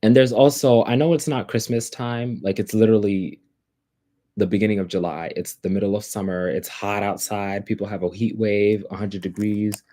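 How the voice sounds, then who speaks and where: A man with a fairly low voice chats casually on a livestream. He rambles from topic to topic and fills pauses with ums and likes. He speaks straight to his viewers. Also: fairly even intonation, mellow. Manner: rambling, filler-heavy, chatty. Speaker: livestream host.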